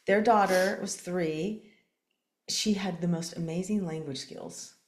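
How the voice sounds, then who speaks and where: A woman hosting a parenting podcast, telling a personal story in a chatty, expressive way. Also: fairly low pitch, measured pace. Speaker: podcast host. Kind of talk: casual conversation. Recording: roomy echo.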